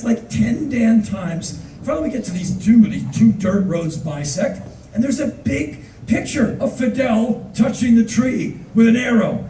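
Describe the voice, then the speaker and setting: An American man in his fifties telling a story on stage with an animated, wry, punchy delivery. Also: very high-pitched, a little slow, a little hiss or hum. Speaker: spoken word performer. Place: concert venue on stage. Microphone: recorded from the audience. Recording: echoey distant audience recording.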